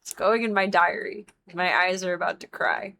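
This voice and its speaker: Lady streamer playing a game, kinda low voice, swears a ton, melodramatic whining. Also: steady tone, moderate pace, vocal fry, pushed and bright, poor audio. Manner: dramatic, swears a lot, mock-emotional complaining. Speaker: livestreamer. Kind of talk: casual gaming commentary.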